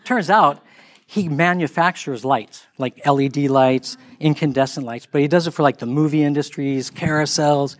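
A man's voice: normal speed, dry recording. A middle-aged man telling a casual story, acting out the people he quotes. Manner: animated, acts out quoted voices in higher pitch.

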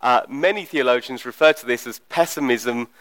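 A man's voice: mid-range voice, moderate pace, a bit bright, no room sound, rough recording. Male preacher, mid-range voice, explanatory teaching-sermon delivery, dry close sound. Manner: conversational, explanatory, keeps checking with "okay?".

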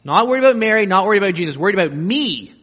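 A man delivers a sermon with a somewhat high voice that rises and falls as he acts out quoted voices. He mixes humorous asides into the preaching. His words ring out with a long reverb, as in a big hall. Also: sing-song, racing, fairly bright tone. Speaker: pastor.

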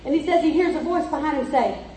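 A woman's voice: sits high, fast talker, dark tone, a little hiss or hum. A woman preacher giving an emphatic, repetitive sermon, telling stories and driving points home in a church. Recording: echoey church from far off.

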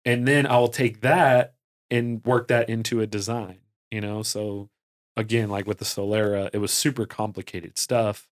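A man talking as a podcast guest in a casual, energetic way, full of fillers and restarts. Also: lowish voice, normal speed. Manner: energetic and excitable, heavy use of "like" and fillers. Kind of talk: casual conversational storytelling.

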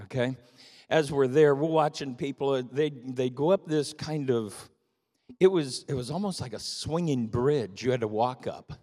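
An older man preaching a sermon as pastor, telling stories with animated emphasis. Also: mid-range voice. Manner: animated storytelling, rising to emphatic peaks. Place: church sanctuary. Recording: long reverb of a church hall.

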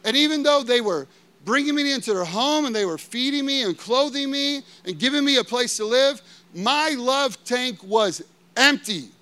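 During a sermon, a man with a very high, animated voice speaks fairly quickly in a bright, forceful tone. He tells personal stories conversationally, peppered with "like" and other fillers, and questions the congregation often.

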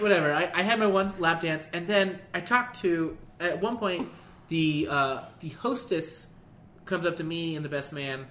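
Young man, bright voice, casual storytelling, swears, laughs often. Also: high-pitched, moderate pace, a little hiss or hum. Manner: profane, laughs often, animated.

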